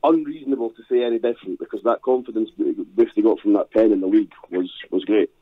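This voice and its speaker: A male caller gives his relaxed, confident football opinions. His rather low voice comes through a thin, tinny phone line, dry and close. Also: quick pace, no echo.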